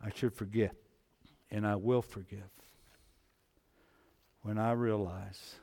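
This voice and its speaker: A man preaching a sermon, moving between hushed, low passages and loud, emphatic climbs. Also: steady tone, slow, pauses often. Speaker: pastor.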